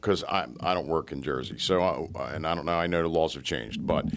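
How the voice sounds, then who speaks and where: A man with a very low voice talks bluntly in casual podcast chat, swearing and asking pointed questions. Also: a little fast. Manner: blunt, profane, asks questions.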